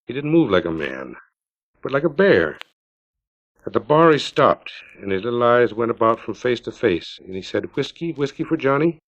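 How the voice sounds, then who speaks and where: A middle-aged man, the author, reads his own short story aloud in a steady, unhurried storytelling manner. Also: medium pitch. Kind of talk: measured literary reading. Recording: dull lo-fi 1950s LP recording.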